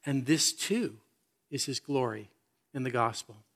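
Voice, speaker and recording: A man's voice: medium pitch, unhurried, gravelly, fairly bright tone. A man preaching a sermon as pastor, reading scripture and speaking earnestly with questions to his listeners.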